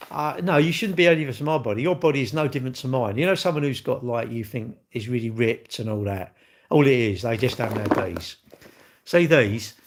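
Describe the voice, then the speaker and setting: A man's voice: medium pitch, lively intonation, normal speed, background noise. An English man, middle-aged, hosting a casual live stream and bantering cheekily with his chat in a rambling, jokey way. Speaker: livestream host.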